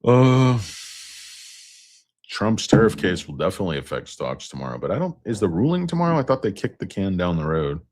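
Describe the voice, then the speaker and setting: A man hosts a casual stock market livestream and reads viewer comments out loud. His voice is exceptionally deep and low. He rambles, cracks jokes at his own expense, and drifts between topics. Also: big pitch swings, fairly quick. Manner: rambling, joking, self-mocking.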